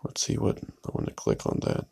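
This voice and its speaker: A man's voice: moderate pace, dark tone. A man hosting a solo podcast, talking in a rambling, hesitant way with many fillers and restarts. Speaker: podcast host.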